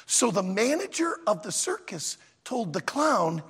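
A man preaching a sermon in a church auditorium, an animated, emphatic storyteller, with long hall reverb. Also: high voice, unhurried, husky. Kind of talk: sermon with a told joke.

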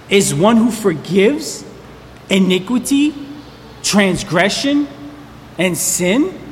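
Male pastor, emphatic sermon delivery, high voice, hall reverb, faint background hiss. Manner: emphatic, repeats key words for stress.

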